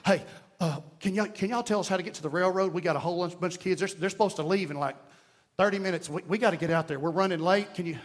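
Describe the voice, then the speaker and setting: Man doing a flustered traveler, lower and softer than his own voice, hurried, pleading. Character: flustered male traveler running late.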